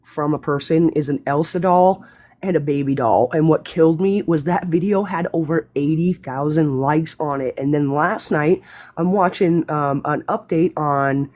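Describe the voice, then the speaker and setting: Hosting a live stream, a woman with a low voice tells stories at a moderate pace, full of profanity and laughter. The recording has no room sound, and the talk is casual and animated.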